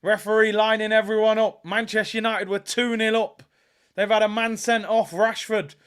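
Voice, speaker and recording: A man hosting a live football watchalong, bantering and trolling rival fans, bursting into shouts at big moments. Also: sits high, level tone, moderate pace, clear, resonant tone.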